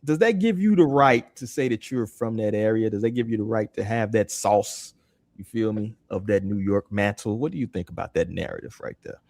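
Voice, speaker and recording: A man hosting a casual roundtable podcast, wry and animated, swearing freely as he asks the panel questions. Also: fairly low pitch, a little fast, no room sound. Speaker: podcast host.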